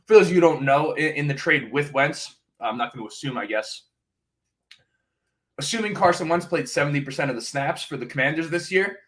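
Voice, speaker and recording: A podcast host gives casual fan commentary, thinking aloud and frequently hedging with "right?" and "uh," while sipping coffee and coughing briefly. His voice is a little high and a bit bright.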